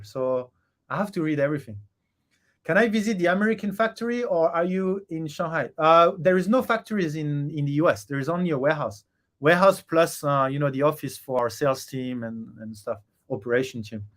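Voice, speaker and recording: Chatty man hosting a live Q&A. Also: on the high side. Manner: hesitant, many fillers and restarts, chuckling. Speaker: host of a live Q&A stream. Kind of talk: casual live-stream chat, reading viewer comments aloud.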